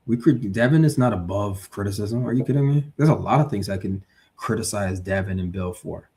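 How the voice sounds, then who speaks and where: A man's voice: fairly low pitch, a little fast, slight background noise. Opinionated man hosting a live boxing stream. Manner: animated, opinionated, reads chat aloud. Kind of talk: casual live boxing talk.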